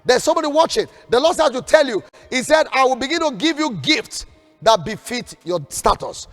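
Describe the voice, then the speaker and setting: A man's voice: very high-pitched, big pitch swings, brisk, fairly bright tone. A man preaching fervently as a prophet in an online prayer broadcast, urging viewers to repeat declarations after him. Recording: long hall reverb with faint background music.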